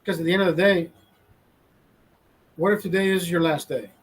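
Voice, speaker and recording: A man's voice: high voice, fairly even intonation, moderate pace, breathy edge. A man talking to his stream in a rambling, emotional monologue, swearing often and talking to himself. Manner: rambling, heavy swearing, self-talk.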